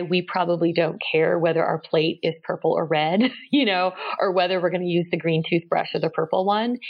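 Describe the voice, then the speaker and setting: A woman with a lowish voice and a gravelly, fry-touched texture speaks calmly and patiently as a parenting guest. Her measured explanations come through a slightly dull, lo-fi recording. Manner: calm, measured, gently explanatory. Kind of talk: explaining parenting tips in an interview.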